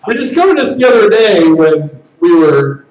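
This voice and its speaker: A man performing stand-up comedy at a party, with loud, animated shouted bits. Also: high voice, moderate pace, roomy sound, distant mic, rough recording.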